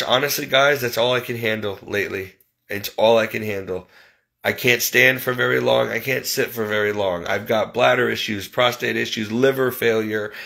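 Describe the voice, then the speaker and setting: A man's voice: mid-range voice, gravelly, a bit bright. A man talking straight to his viewers in a casual vlog, listing his troubles in a plain-spoken, exasperated way. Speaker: vlogger. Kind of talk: casual personal venting to camera.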